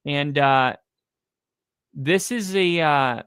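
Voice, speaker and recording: A man hosting a live football reaction stream. He talks through the games casually and gets excitable, swearing and shouting when big plays happen. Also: fairly high pitch, very slow, smooth, no room sound. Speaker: livestream host.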